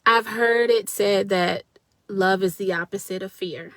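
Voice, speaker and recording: A woman's voice: medium pitch, a little slow, fairly bright tone, no echo. A woman giving an earnest, spiritual motivational talk on a live video and speaking straight to her viewers. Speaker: wellness speaker.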